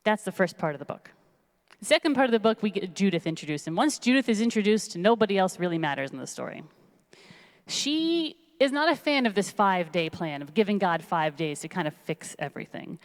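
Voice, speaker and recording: A woman casually retelling a biblical story at a synagogue service in a chatty, animated way. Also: mid-range voice, fairly quick. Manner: chatty, animated, lots of fillers. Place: large synagogue sanctuary. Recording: long reverb in a large hall.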